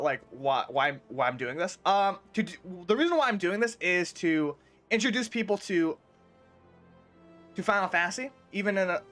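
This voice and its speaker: A man's voice: high-pitched, fairly bright tone. Rambling young-sounding gamer man. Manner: rambling with fillers and restarts. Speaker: gaming video creator. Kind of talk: casual let's play commentary.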